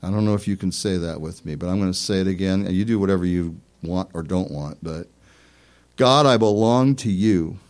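A man's voice: sits low, fairly even intonation, fast talker, few pauses, mellow. A man leading an earnest spoken prayer in a sermon, building to fervent declarations. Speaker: pastor.

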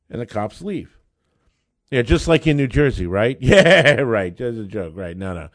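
A man who is a lawyer telling a case story in an animated, conversational way, acting out the dialogue. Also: mid-range voice, a little slow. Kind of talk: storytelling monologue.

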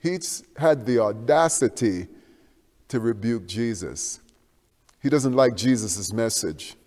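A man's voice: animated, slow. Preaching man in a reverberant church. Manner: preaching with emphatic swells and hushed low stretches; rhetorical questions to the congregation. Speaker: pastor. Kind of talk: sermon. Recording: long hall reverb.

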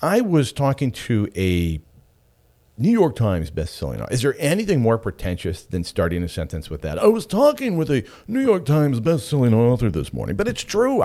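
A middle-aged man hosting a radio show, talking casually and telling stories with frequent asides. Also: fairly low pitch. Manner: animated, chatty storyteller with frequent asides. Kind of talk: casual talk radio monologue.

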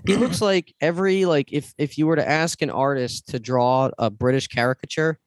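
A man's voice: a little high, moderate pace, no room sound. Guy riffing on a podcast, crude jokes, laughs a lot, dry close sound. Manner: joking, crude, laughs often. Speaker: podcast co-host. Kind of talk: casual chat.

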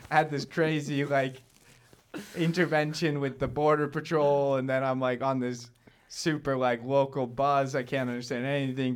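A young man rambles through a story in casual conversation. He leans on "like" constantly and acts out what people said as he retells it. His voice sits at an ordinary mid pitch. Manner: rambling, lots of "like", animated retelling. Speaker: storyteller guest. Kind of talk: casual chat.

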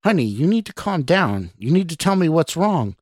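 Man playing a pleading, eerie female apparition in a spoken horror story, raised pitch. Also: very animated, normal speed, no room sound, clean studio sound. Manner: pleading, coaxing. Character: eerie bleeding woman, gentle and concerned.

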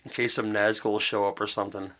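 A man's voice: on the low side, little pitch movement, fast talker, fairly bright tone. A man hosting a podcast, chatting casually, joking and swearing freely. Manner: joking, swears freely, quotes film lines. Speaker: podcast host. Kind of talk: casual chat.

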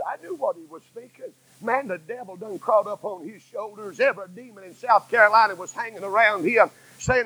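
A man, preaching a sermon that swings from loud cries to hushed tones. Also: high-pitched, expressive, fairly quick, husky, poor audio. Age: 40s.

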